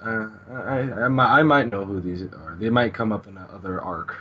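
A man's voice: fairly low pitch, moderate pace, highs cut off, slight background noise. A male podcast co-host in casual chat, hesitantly retelling a manga plot with a lot of "and he goes.". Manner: hesitant storytelling, repeating "he goes" before each line.

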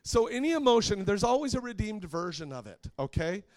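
A man's voice: high-pitched, big pitch swings, brisk. Joking, conversational male preacher. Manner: conversational and joking, asks the audience questions. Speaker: pastor. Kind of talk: sermon to a live congregation.

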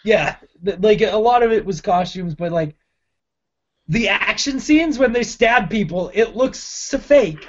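A man's voice: high-pitched, lively intonation, a little slow. A young man, a podcast co-host, chatting casually and emphatically about a bad movie, laughing often and using slang. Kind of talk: casual movie review chat. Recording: dull lo-fi audio.

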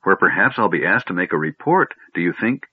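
A man voicing a fretful, excitable male gnome with an anxious, fussy way of talking. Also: sits low, brisk, slightly rough, no echo. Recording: dry, tinny phone-like audio.

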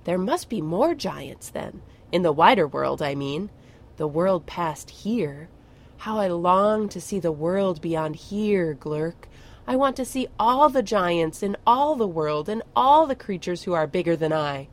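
A woman voicing a tiny, excitable young male dragon who whines and gushes with questions. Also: unhurried. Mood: eager. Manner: high whining, eager.

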